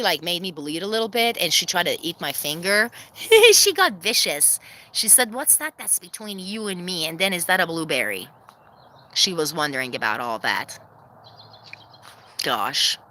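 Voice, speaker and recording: A woman chatting casually on a livestream from her backyard coop, laughing often, giving viewers shout-outs and calling to her hens. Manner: calls to her hens in a very high sing-song voice. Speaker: vlogger hosting a livestream premiere. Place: outdoors in a backyard by the chicken coop.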